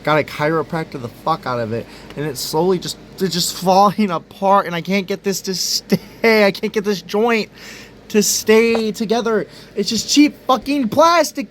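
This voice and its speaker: High-pitched and a bit bright, a young man's voice comes at normal speed over slight background noise. He's a vlogger in a profane rant video, exasperated, cursing, and often laughing.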